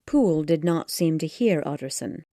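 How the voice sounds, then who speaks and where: A woman narrating an audiobook of a classic gothic tale in a steady storytelling manner. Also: low voice, normal speed, no echo, studio quality.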